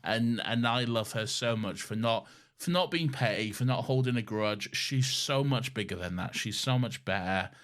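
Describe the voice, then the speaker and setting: Animated sweary man. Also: medium pitch. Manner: animated, sweary, paraphrases scenes in quick mock voices. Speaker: podcast co-host. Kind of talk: casual chat.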